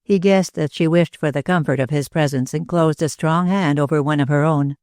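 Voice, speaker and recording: A woman reading a novel aloud as an audiobook narrator, measured and even in her telling. Her voice sits on the low side, recorded close and dry with no room around it. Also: dry recording. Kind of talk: scripted narration.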